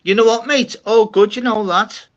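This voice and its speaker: A man's voice: sits high, fairly even intonation, normal speed, dull audio. A man hosting a casual video-call panel, enthusiastic, swearing and repeating himself. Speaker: host. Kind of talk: casual livestream chat.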